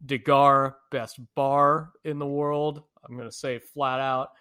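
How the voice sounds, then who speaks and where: A man's voice: mid-range voice, level tone, slow, bright, forceful tone, clean tone. A man, a podcast co-host from the United States, animatedly telling travel stories in a casual chat, laughing often.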